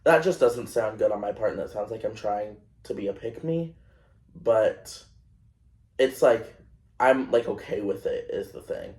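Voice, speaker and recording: Young male podcast host, unhurried, echoey room, rambling and animated storytelling. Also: on the low side. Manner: animated, self-conscious storytelling with many fillers. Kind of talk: casual storytelling monologue.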